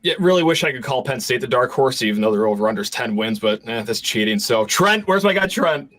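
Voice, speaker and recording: A man's voice: mid-range voice, lively intonation, a little fast, fairly bright tone. A man guesting on a sports podcast, playful and cheering like a hype man. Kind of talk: casual panel chat.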